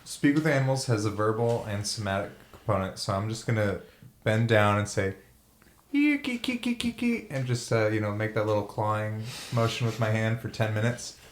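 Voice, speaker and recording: A man's voice: lowish voice, steady tone, brisk, slight background noise. A man playing a tabletop game, chatty and explaining his moves. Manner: chatty, giggly, explaining rules. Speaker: player. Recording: echoey room.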